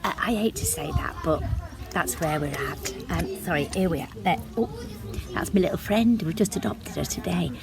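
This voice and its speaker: A woman's voice: lowish voice, sing-song, moderate pace. A woman judging a talent show act, giving hesitant, apologetic verdicts full of ums. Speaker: judge. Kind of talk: casual judging remarks.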